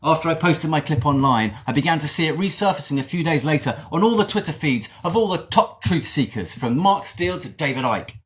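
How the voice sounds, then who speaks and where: A man narrating a satirical documentary in a dry, deadpan, ironic way. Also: on the high side, fairly quick, hardly any pauses, a little hiss or hum. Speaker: comedian narrating his own film.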